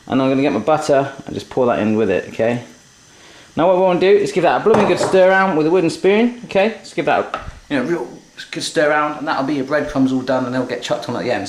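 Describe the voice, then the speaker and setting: A chatty man with an English accent talking viewers through a cooking demonstration in his home kitchen, with loud whoops now and then. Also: a little high, fast. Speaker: cooking vlogger. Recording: roomy kitchen with faint noise.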